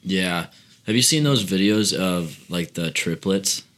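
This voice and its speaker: Very deep-voiced young man rambling. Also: lively intonation, unhurried, a bit bright. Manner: rambling, filler-heavy, laughs a lot. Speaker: podcast host asking questions. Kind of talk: casual chat.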